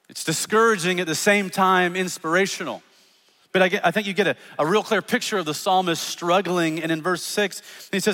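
A man preaching a sermon as pastor, earnest, repeating words and dropping soft when he reads scripture, in a church auditorium. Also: high voice, steady tone, a little fast. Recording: long hall reverb.

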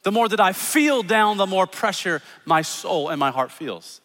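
A man preaching a sermon as pastor, earnest, repeating words and dropping soft when he reads scripture, in a church auditorium. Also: sits high, animated, moderate pace. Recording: long hall reverb.

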